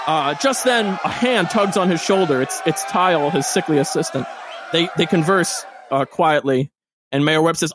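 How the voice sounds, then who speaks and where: A man narrating a tabletop game as game master, animated and jokey. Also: on the high side, moderate pace, no room sound.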